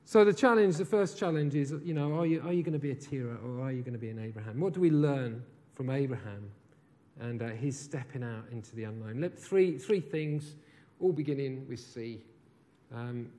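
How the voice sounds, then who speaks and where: A man preaching a sermon, asking rhetorical questions and dropping to a hush for emphasis. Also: medium pitch, moderate pace. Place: church.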